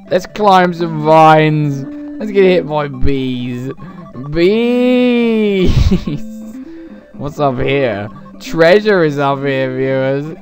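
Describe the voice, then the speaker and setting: A young man narrates his gameplay in a sarcastic, rambling comedic style, speaking to his viewers. He swings between dry asides and loud outbursts. Faint plucked guitar music plays behind him. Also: mid-range voice. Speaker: let's play commentator.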